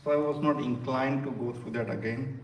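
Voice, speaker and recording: A man in his sixties, originally from India, gives an emotional eulogy for his sister, speaking earnestly and pausing often. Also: mid-range voice, steady tone. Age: 60s. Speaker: brother giving a eulogy. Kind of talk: funeral eulogy. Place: funeral hall. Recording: echoey hall from far off, faint noise.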